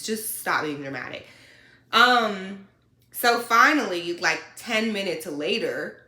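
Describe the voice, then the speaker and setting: A woman truck driver telling a story in a casual, animated and sassy way. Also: mid-range voice, normal speed. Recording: roomy echo.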